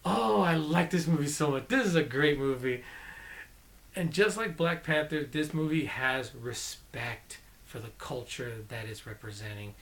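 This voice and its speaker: A man's voice: a little high, measured pace, fairly bright tone. A man giving a casual, rambling movie review, enthusiastic and often correcting himself mid-sentence.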